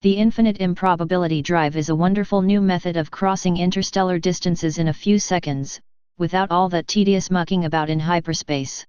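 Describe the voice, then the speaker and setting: A woman reading a radio script aloud, stage directions included, in a flat, even way. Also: lowish voice, a little fast, smooth, dry recording, dull audio. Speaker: script reader.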